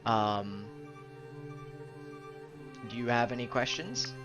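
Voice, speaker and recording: A man's voice: medium pitch, a bit bright, soft background music. A man playing a formal royal official giving orders. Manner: measured, formal, hesitant with fillers. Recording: muffled lo-fi audio.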